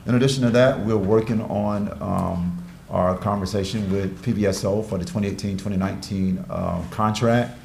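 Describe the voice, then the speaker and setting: Deep gravelly man with many fillers. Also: darkish tone. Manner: measured, hesitant, many uh and um fillers. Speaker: city manager. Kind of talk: budget presentation at a city meeting. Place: city commission chamber. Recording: echoey council chamber, faint noise.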